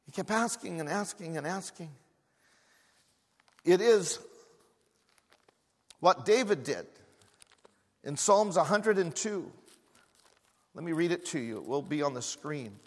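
A man's voice: high-pitched, very animated, measured pace, fairly bright tone. A man preaching a sermon as a pastor, repeating phrases with growing fervor. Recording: echoey hall with long reverb.

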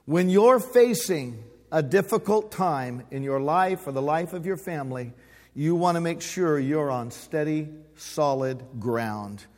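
A man's voice: fairly high pitch, animated, a little slow, darkish tone, long reverb tail. A man in his sixties preaching a sermon, folksy and humorous, with call-and-response. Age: 60s. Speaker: pastor. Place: church sanctuary.

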